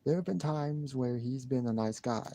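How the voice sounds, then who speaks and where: A man's voice: mid-range voice, normal speed, mellow. A man chatting casually on a live stream, rambling and repeating himself with sighs and restarts.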